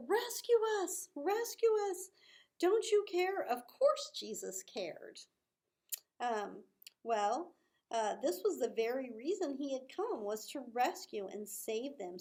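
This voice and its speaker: A woman teaching children, telling a story with lively acted-out voices and hushed asides. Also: on the high side. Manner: animated, acts out voices with big swells.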